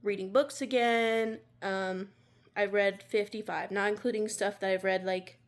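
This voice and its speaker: A woman's voice: mid-range voice, fairly even intonation, a little slow. Chatty young woman with a drawl. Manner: rambling, filler-heavy, chatty. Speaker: book vlogger. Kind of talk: casual vlog chat. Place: at home by her bookshelf.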